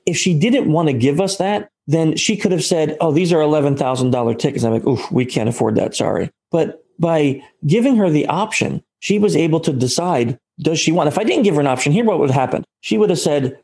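A man's voice: on the high side, fairly quick, hardly any pauses. A man being interviewed as an author, telling stories and acting out the quoted lines of the people in them. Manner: animated storyteller who acts out quoted dialogue. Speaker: guest author. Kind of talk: storytelling in a podcast interview.

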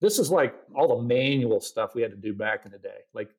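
A man's voice: mid-range voice, lively intonation, brisk. A middle-aged man, a podcast guest, telling a story in casual interview talk and acting out his own quoted lines. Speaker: podcast guest, agency founder.

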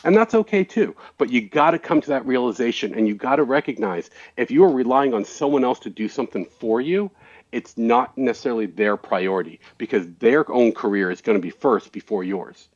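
A man's voice: medium pitch, lively intonation, a little fast. A man telling a career story on a video call, quoting the people involved. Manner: storytelling, quotes people in conversation. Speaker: panelist. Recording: dull lo-fi call audio.

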